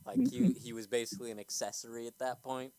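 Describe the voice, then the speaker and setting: Man, game master, mid-pitched, loose and swearing, laughs a lot. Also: expressive, fast talker, warm tone, clean tone, no room sound. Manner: laughing, loose and profane, lots of fillers. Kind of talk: narrating a tabletop game.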